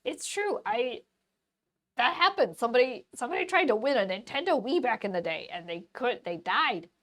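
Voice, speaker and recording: A woman voicing a hyper, over-caffeinated cartoon frog in a silly, excitable stream voice. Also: a little high, moderate pace. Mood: giddy.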